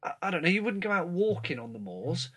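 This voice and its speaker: A man in a casual chat, telling animated stories. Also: high-pitched, fast talker, husky. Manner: storytelling, animated.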